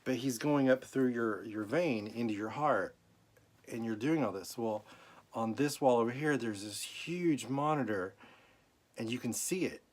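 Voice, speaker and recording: A man's voice: mid-range voice, measured pace. A middle-aged man tells a personal story in a rambling, emotional way, at times close to tears. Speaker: vlogger. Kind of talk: personal health update vlog.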